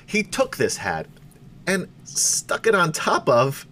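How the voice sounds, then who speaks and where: A man's voice: on the high side, wildly swooping pitch, takes it slowly, fairly bright tone. A man hosting a tabletop game podcast, joking and laughing often with his players. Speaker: game master. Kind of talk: casual podcast banter running a tabletop game.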